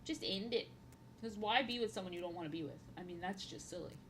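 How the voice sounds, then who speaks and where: A woman in her thirties with a bright, sharp voice chats casually on a live stream while she paints. She rambles, says the same phrase twice or three times over, and sounds playful. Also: mid-range voice, fast, a little hiss or hum. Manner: playful, slips into silly voices.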